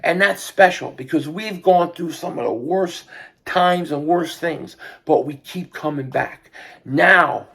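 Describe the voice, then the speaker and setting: An older man giving an impassioned sports fan rant, repeating himself and building to shouts. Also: fairly high pitch, slow pace, vocal fry, husky. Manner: fervent, repetitive, rising to shouts. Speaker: sports vlogger.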